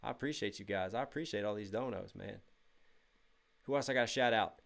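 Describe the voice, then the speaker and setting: A man's voice: lowish voice, fairly quick, creaky. A young man hosting a casual livestream, reading out donations and chat messages with upbeat energy, a little tired. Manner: upbeat, hyped shout-outs to chat. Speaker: livestream host.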